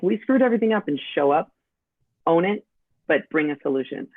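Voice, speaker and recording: A woman's voice: low-pitched, dry recording. Chatty New York woman on a tinny line. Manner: chatty, straightforward. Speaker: podcast guest. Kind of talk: casual interview chat.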